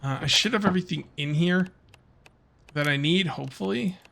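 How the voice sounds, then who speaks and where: A man's voice: high voice, moderate pace, gravelly, a bit bright. A man from Central New Jersey with a New Jersey accent, chatting casually as he plays a game, thinking aloud with restarts and fillers. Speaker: gaming channel host. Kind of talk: casual let's-play commentary.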